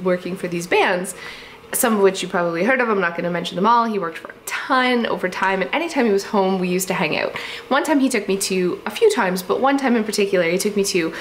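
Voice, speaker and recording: A woman's voice: medium pitch, fairly bright tone, slight background noise. Chatty giggly woman vlogger. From Canada. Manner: chatty, rambling, giggly, with many fillers. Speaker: home organizing YouTuber. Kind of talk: casual storytelling vlog.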